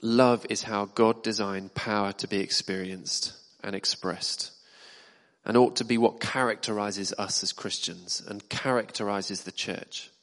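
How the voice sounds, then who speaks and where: The long reverb of a church hall surrounds a man's fairly low, slightly bright voice. He preaches informally, posing questions to those gathered.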